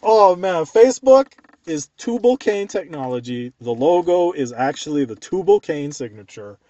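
A man telling a funny work story as a profane, exasperated rant, with animated delivery. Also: fairly high pitch, moderate pace, no room sound, lo-fi sound.

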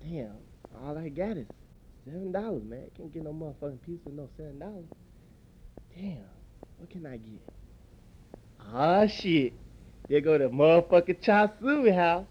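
A man's voice: fairly high pitch, expressive, normal speed, pauses often, a little mellow, muffled recording, slight background noise. Brash, profane man in a comedy sketch. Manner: profane, brash street slang.

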